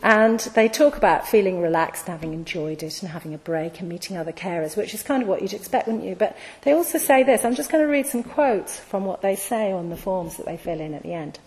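A woman giving a reflective storytelling talk to an audience, hesitant with many ums and soft trailing phrase endings. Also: mid-range voice, expressive, fairly quick, hardly any pauses. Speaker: speaker at a Buddhist gathering. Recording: long hall reverb.

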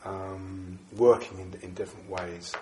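A man with a congested, bunged-up voice from a cold, giving a Buddhist dharma talk to a group in a halting way with many fillers and restarts. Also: low voice, flat delivery, mellow, slight background noise. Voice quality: bunged up, nasal. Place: echoey room with a small audience. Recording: echoey room recording.

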